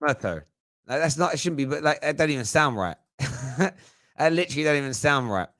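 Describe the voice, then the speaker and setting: A man's voice: mid-range voice, lively intonation, fairly quick, a bit bright, no echo, studio quality. A man hosting a fan phone-in show, chatting casually, thinking aloud and poking fun at himself. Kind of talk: casual live-stream chat.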